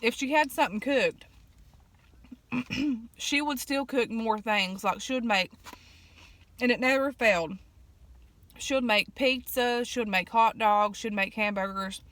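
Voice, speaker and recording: A woman talks casually to her viewers while eating. She tells family stories in a folksy way, clearing her throat and using fillers, her voice sitting a little on the high side. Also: a little slow, pauses often, a bit bright. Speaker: vlogger. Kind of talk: casual eat-with-me chat.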